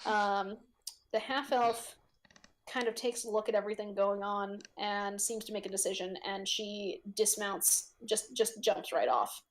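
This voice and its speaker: A woman's voice: mid-range voice, steady tone, unhurried. A young woman running a tabletop game as game master, narrating with lots of giggles and fillers.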